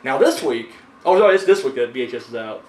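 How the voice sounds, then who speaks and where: This horror movie review host has a mid-range, darkish voice and talks fast with great animation. He rambles in casual chat full of fillers and curses, heard from afar in an echoey room with faint noise.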